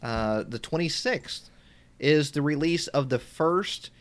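A man co-hosting a casual podcast, talking in a relaxed way with frequent ums and restarts. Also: fairly high pitch, takes it slowly. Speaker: podcast co-host. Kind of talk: casual chat.

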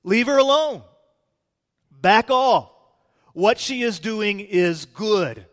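A stern man who snaps short, forceful commands with real intensity, as a preacher acts him out. The voice is raised high and loud and rings out in a long hall reverb. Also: a little fast, lightly acted. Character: stern man rebuking a troublemaker.

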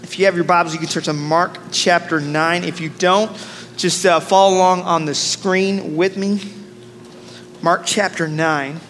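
A man in his thirties preaching a sermon, energetic and joking, leading the congregation in call-and-response. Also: sits high, a little slow. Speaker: pastor. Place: large church sanctuary. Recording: long church reverb, faint noise.

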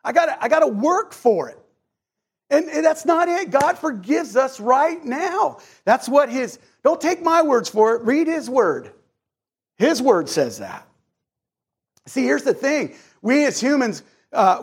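A pastor preaching a sermon in an earnest way, often repeating words and acting out short prayers. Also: male voice, sits high, slightly rough.

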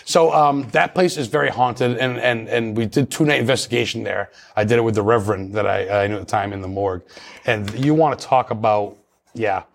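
A man's voice: on the low side, fairly quick, creaky. A man talking as a paranormal investigator guest in a casual interview, chatty and rambling with many restarts.

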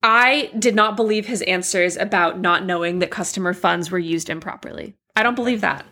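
A woman co-hosting a podcast in casual chat, easygoing, quick to laugh and blunt with her opinions. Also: on the low side, pushed and bright. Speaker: podcast co-host.

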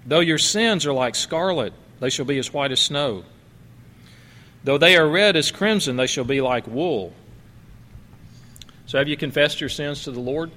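Middle-aged male pastor, conversational preacher with a bright, forceful voice; reverberant church sound. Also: on the high side, unhurried, pauses often. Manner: conversational, laughing asides, quoting others in changed voices. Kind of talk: sermon. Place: church sanctuary. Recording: long reverb of a church hall.

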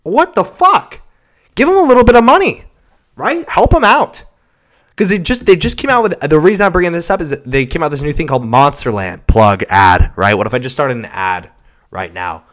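A man hosting a solo casual podcast, rambling and swearing, swinging from mumbles to shouts, on a cheap home mic. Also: on the high side, animated, fairly quick. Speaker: podcast host. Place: home recording setup. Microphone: cheap mic without pop filter.

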